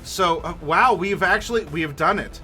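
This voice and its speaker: A man hosting a livestream as game master, friendly and unhurried, asking chat for dice rolls and pausing with fillers. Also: high voice, sharp tone, soft background music. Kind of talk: livestream character creation, talking to chat.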